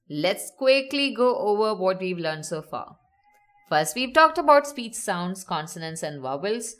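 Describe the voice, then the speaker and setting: A woman narrating a scripted lesson with a lively, swooping pitch that rises and falls. Her tone is upbeat and instructive, and she slows down and draws out key words to stress them. Her voice sits in an ordinary middle pitch. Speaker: teacher.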